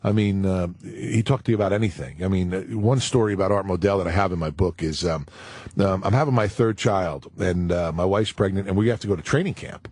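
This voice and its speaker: A man's voice: low voice, brisk, a little mellow, slightly rough, dry recording. A male former football player, a guest on a radio show, telling stories with lots of "you know" and acting out the quotes. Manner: storytelling, acts out quotes. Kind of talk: casual radio studio talk. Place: radio studio.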